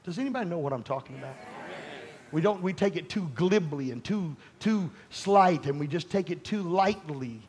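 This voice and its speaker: A pastor with a drawl delivers a fervent sermon in a notably high voice. He talks straight to his congregation with casual asides, then climbs into shouting at the peaks. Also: animated, normal speed.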